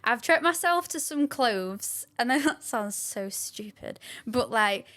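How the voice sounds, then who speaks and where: A woman's voice: fairly high pitch, expressive, slow pace, pushed and bright. Chatty young woman podcast guest. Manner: chatty, filler-heavy. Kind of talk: casual chat.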